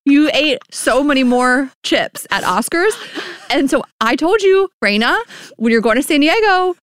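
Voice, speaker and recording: Young woman, teasing and blunt, lively pitch, fairly high, dry sound. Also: a little slow, dry recording. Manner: teasing, blunt, laughs a lot. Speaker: podcast co-host. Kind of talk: casual chat.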